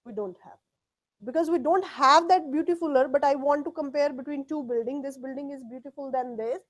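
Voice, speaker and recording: A woman's voice: sits high, a little fast. A woman teaching a live test class, drilling pronunciation by repeating words. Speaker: English test tutor.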